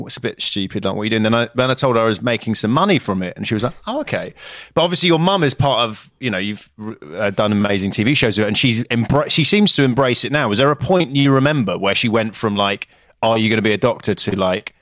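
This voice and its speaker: A man's voice: medium pitch, lively intonation, brisk, fairly bright tone, no echo, clean studio sound. A man hosting a podcast, chatting casually and laughing through his own anecdotes. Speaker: podcast host.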